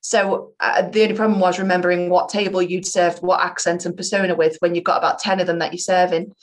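A young woman who performs improv, chatting in an interview with a slightly low voice. She talks in an animated, rambling way and likes to poke fun at herself. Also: quick pace. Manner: chatty, animated, self-mocking. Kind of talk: casual interview chat.

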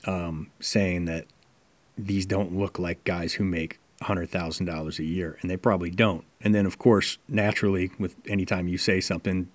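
A man's voice: low voice, fairly even intonation, normal speed, dry recording. A man hosting a podcast, talking earnestly and sharing his opinions with many fillers. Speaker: podcast host. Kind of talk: casual podcast talk.

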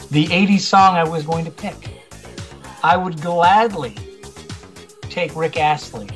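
Excited woman with a low voice. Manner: excited, animated. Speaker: interviewee. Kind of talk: casual street interview answer.

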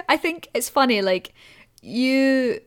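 A woman's voice: high voice, expressive, drawn-out words, clean tone. Chatty Scottish woman. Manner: chatty, restarts sentences, laughs often. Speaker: podcast guest, writer. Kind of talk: casual chat.

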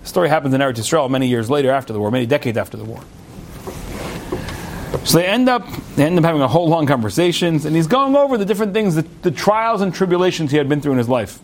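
Rabbi teaching a class, animated storyteller, high voice, faint background hiss. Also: male voice, fast talker.

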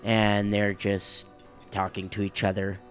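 A man running a tabletop game, describing the scene in a relaxed, casual way. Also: fairly low pitch, unhurried, soft background music. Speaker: game master.

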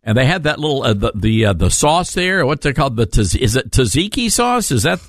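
A man hosting a talk radio show, giving casual opinion commentary in an animated, sarcastic way with rambling asides. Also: mid-range voice, a little fast, dry recording, studio quality.

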